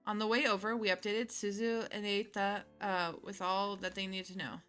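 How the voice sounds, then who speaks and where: A woman's voice: mid-range voice, little pitch movement, normal speed, a bit bright, faint music behind. A woman streamer casually reading and chatting through a story game, laughing often. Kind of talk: casual let's-play commentary and reading.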